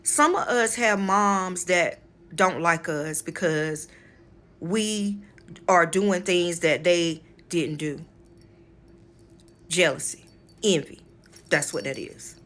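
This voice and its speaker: A woman's voice: fairly low pitch, takes it slowly, pauses often, a bit bright. A married woman with children hosting a spiritual channel, telling a personal story in a casual vlog, frank and emphatic, speaking to viewers as y'all and swearing freely. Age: adult, married with children.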